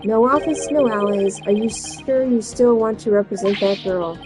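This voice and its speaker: A woman's voice: medium pitch, moderate pace, music in the background, natural voice, poor audio. A woman voicing a smug, scheming male thug who taunts and gloats. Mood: gloating.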